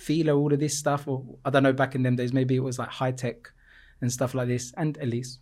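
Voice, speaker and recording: Man, casual chat, rambling, self-interrupting, mid pitch, english with greek. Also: flat delivery, fast talker, darkish tone. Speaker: video maker.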